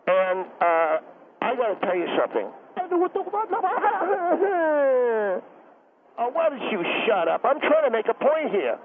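A teasing, smug psychologist, put on by a man, heard over a thin phone line with faint hiss. His voice sits high and swoops about as he needles the other guest. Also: very animated, slow pace, heavily acted. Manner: teasing, mocking. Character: needling smug male psychologist, middle-aged.

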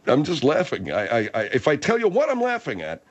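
A man's voice: fairly high pitch, huge pitch swings, muffled recording. A man hosting a comedy radio show, exasperated and bossy with his guests. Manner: exasperated, bossy, quick to laugh.

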